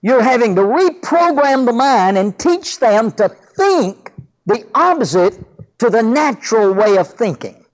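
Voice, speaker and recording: A man's voice: very high-pitched, sing-song, measured pace. An older man preaching a sermon about teaching children, telling stories from his family and ministry. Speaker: pastor.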